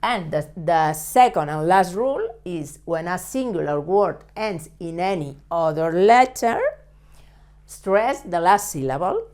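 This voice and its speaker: Woman teacher, Spanish native, slow deliberate delivery, lowish voice, pauses and fillers. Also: animated, a little mellow. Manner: slow and careful, with frequent fillers and self-corrections. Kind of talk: step-by-step language lesson.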